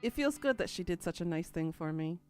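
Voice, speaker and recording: A woman's voice: lowish voice, lively intonation, fairly quick, darkish tone, smooth, faint music behind. A woman narrating a first-person story in a dry, musing, inward way.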